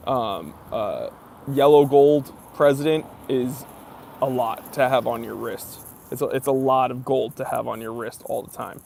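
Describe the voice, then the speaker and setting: Man, gravelly voice, casual live stream host, reads out comments, chatty, lots of ums. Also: mid-range voice, darkish tone, a little hiss or hum. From near New York. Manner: reads viewer comments aloud, chatty with many fillers.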